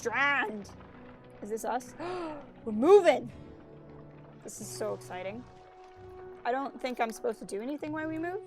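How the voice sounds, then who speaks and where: Higher-voiced woman reading game text aloud. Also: normal speed, long pauses. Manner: reads story dialogue aloud with playful put-on voices and chatty asides. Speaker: streamer. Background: faint game music.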